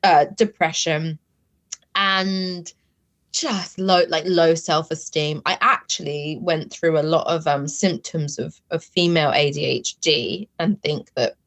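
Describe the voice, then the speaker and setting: Woman, guest in a candid interview, lower voice, halting and emotional delivery. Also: steady tone, a bit bright. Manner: emotional, halting, heavy use of "like".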